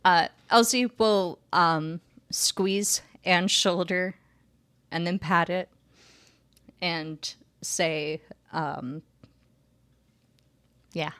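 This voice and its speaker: Slow, bright-voiced woman game master. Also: on the low side, fairly even intonation, smooth, dry recording. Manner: hesitant, many fillers. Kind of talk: narrating a tabletop game.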